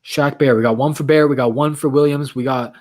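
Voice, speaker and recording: A man's voice: medium pitch, steady tone, fast talker. A man hosting a late-night livestream, chatting casually with viewers and reading their comments aloud while his voice is getting worn. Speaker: livestream host.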